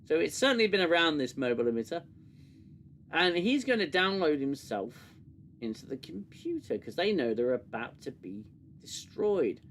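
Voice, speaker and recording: A man's voice: fairly high pitch, very animated, normal speed, a bit bright, slight background noise. Sarcastic man, rambling. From United Kingdom. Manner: sarcastic, rambling, with many fillers. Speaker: show host. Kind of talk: casual review livestream chat.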